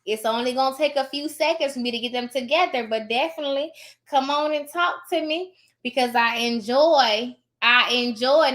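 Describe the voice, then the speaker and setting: A woman's voice: high voice, moderate pace, a bit bright. A woman with a put-on Southern US accent, chatting casually to her live-stream viewers, emphatic and talkative and often tagging on a questioning "okay?". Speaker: notary host of a live stream.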